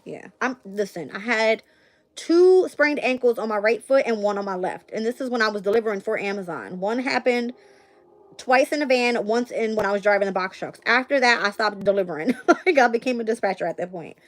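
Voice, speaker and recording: A woman's voice: on the high side, brisk. A young woman hosting a casual live stream and reading tarot cards, blunt and profane, with frequent laughs.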